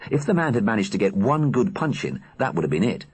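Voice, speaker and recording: A man reading an audiobook aloud in an expressive, animated narrating style. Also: fairly low pitch, fast talker, husky. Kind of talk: scripted narration.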